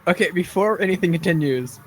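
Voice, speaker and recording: A man joining a livestream with quick joking remarks and laughter. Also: sits high, expressive.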